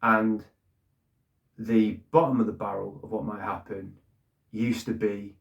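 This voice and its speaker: A man's voice: fairly low pitch, flat delivery, unhurried, creaky, pauses often. A man giving blunt, ranting fan commentary on his club, swearing and repeating points for emphasis. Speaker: fan channel host.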